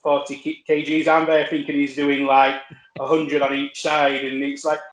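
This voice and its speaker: A man spins casual, meandering anecdotes, correcting himself as he goes. His voice sits a little high. The recording has a roomy echo. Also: level tone, moderate pace. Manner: rambling, self-correcting storyteller. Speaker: podcast guest.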